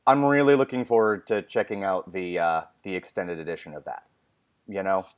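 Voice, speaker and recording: A man co-hosting a podcast in casual movie chat, measured and agreeable, reading out quiz choices. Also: sits low, smooth, lo-fi sound. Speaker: podcast co-host.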